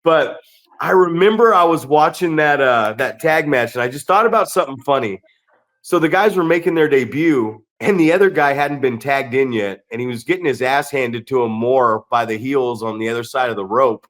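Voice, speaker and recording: A man hosting a casual podcast chat, telling wrestling coaching stories in an animated, profane way. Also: mid-range voice, normal speed.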